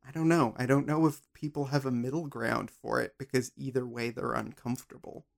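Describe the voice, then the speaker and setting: Gravelly man in rambling casual chat. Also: medium pitch, steady tone, a little fast. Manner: rambling, playful, musing. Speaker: podcast host. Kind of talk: casual conversation.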